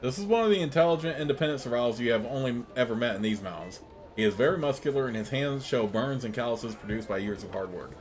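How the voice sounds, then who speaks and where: A man hosting a let's play reads a game's narration aloud in a steady, plain manner. His voice sits at an ordinary middle pitch. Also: fast, a little hiss or hum. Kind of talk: reading game text aloud.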